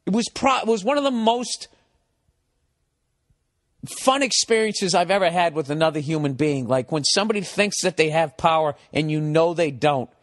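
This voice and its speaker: A comedian in his forties from America, telling a story in an animated, exasperated way, swearing constantly. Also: fairly high pitch, normal speed, no room sound, clean studio sound. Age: 40s. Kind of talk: profane comic storytelling.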